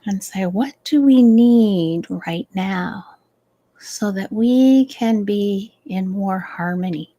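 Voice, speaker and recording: During a live advice talk, a middle-aged stress management coach speaks gently and without rushing, with easy laughter. She has a mid-range voice.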